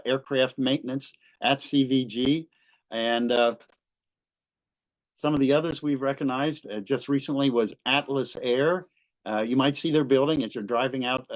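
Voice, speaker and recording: A man from Kentucky walks an audience through a slide presentation at an unhurried pace. He fills his pauses with frequent "uh"s, and his voice sits in a medium range. The sound is dry and close. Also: mid-range voice, no room sound, poor audio. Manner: relaxed, many "uh" fillers. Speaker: guest speaker at a museum history talk.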